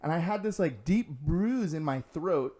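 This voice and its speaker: A man's voice: a little high, unhurried. A man, a podcast guest, telling stories in casual chat, acting out the voices of the people in them and laughing along. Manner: animated, acts out quoted voices with laughs.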